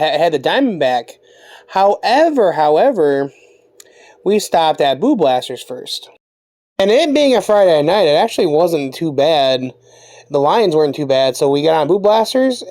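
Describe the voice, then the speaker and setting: This is a young adult vlogger sharing a story-time tale in a casual, chatty way. The delivery is animated, with the voice leaping up at the exciting moments. The pitch sits right in the middle. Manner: animated retelling with lively pitch jumps.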